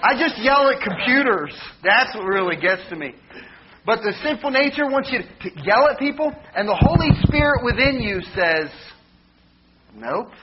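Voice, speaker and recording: A man preaching a humorous sermon, telling jokey stories with animated mock shouting. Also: very high voice, normal speed, highs cut off, slight background noise.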